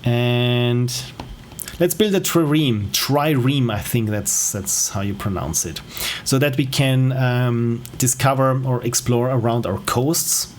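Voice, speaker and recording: A man giving relaxed, rambling gameplay commentary on a livestream, with self-deprecating asides. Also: mid-range voice, takes it slowly, a little hiss or hum. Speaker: game streamer.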